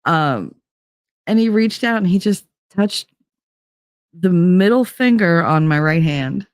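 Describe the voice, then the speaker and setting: A woman's voice: lowish voice, lively intonation, takes it slowly, dry recording, studio quality. Rambling, chatty woman telling a story. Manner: rambling, chatty, full of "like" fillers. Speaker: podcast host. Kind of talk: casual storytelling monologue.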